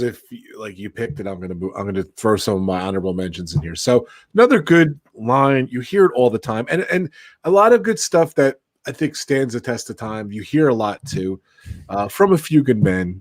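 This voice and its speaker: A man chatting casually on a live stream, with a relaxed, easygoing manner and frequent chuckles. His intonation rises and falls a lot. He speaks from a video call setup. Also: mid-range voice, brisk, no room sound, studio quality. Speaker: co-host panelist.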